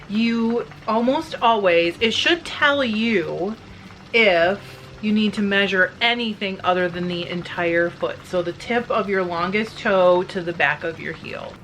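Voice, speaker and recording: A middle-aged woman who makes fiber arts videos, chatting candidly and emotionally with viewers while she spins, rambling with quick asides and a slightly teary edge. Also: medium pitch, fairly bright tone, slight background noise. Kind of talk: casual chat to viewers while spinning.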